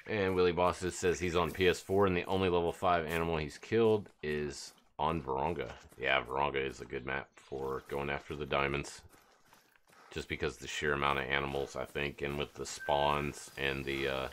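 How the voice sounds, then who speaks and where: A man's voice: a bass voice, normal speed, slight background noise. A man streaming a hunting game, chatting casually and reading out viewer messages as he plays. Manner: relaxed, chatty, reads out viewer chat. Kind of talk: casual live-stream commentary.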